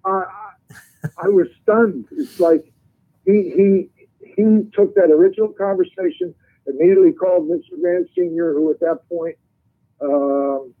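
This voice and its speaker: An older man tells long, wandering stories as a guest on a call. His voice sits a little high, and the sound is thin and tinny like a phone line. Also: animated, a little slow, creaky. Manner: long-winded storyteller. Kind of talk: casual storytelling on a call.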